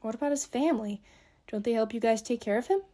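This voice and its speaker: A woman's voice: on the high side, fast, mellow, natural voice. A woman voicing an earnest, determined young girl who speaks up insistently.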